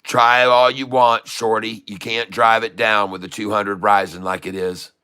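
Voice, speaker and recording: A man giving excited live commentary on a stock chart, full of folksy slang and exclamations. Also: lowish voice, moderate pace, clean tone. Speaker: day-trading streamer.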